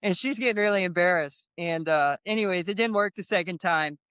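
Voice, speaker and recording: A man's voice: high-pitched, a little fast, a bit bright, clean tone, dry recording, clean studio sound. A man in his late twenties, a guest guitarist telling a story in a chatty casual way, full of "you know" asides. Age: late 20s. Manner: chatty, peppers talk with "you know" and "I'm like".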